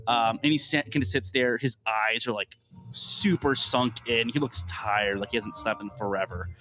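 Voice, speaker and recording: A man's voice: mid-range voice, steady tone, normal speed, sharp tone, slight background noise. A man narrating a tabletop game as game master, casual and rambling with many fillers.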